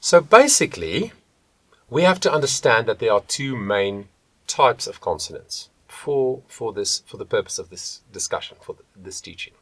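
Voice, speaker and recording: A man working as a vocal coach, teaching vocal technique to the camera and shifting between soft and loud demonstrations. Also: on the low side, big pitch swings, moderate pace, breathy edge, dry recording.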